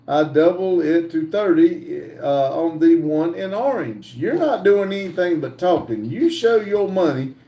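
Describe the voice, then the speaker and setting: Slow, dark-voiced man reading chat. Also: fairly high pitch, expressive, creaky, roomy sound, distant mic. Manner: slow, halting reading with frequent "uh" fillers. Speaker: livestream host. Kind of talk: reading viewer chat aloud.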